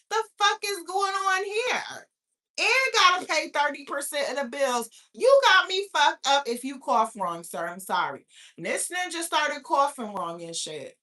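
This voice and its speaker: A woman's voice: high voice, sharp tone. A young woman from New York hosting a livestream, ranting casually with heavy profanity and talking back to her chat. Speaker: livestream host.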